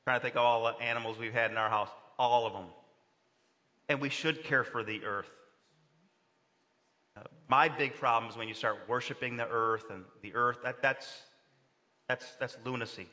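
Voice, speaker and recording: A man preaching from the pulpit, his voice bright and tense, carrying over a long reverberant tail in a large hall. He delivers the sermon with animation, pitching up sharply whenever he voices the people he quotes. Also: fairly even intonation, normal speed, long pauses. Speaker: pastor.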